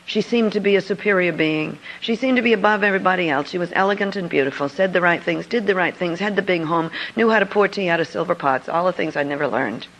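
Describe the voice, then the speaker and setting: A middle-aged woman, an author and speaker, telling a personal story to an audience in an earnest, confiding way with lively emphasis. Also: lowish voice, fast talker, hardly any pauses, poor audio. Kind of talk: storytelling speech.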